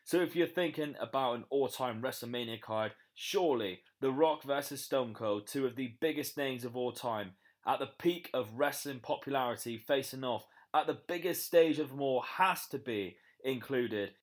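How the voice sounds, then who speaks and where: A man's voice: mid-range voice, normal speed. A young British man with a British accent, upbeat and promotional as a guest pick on a wrestling podcast. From Britain. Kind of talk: pre-recorded podcast segment.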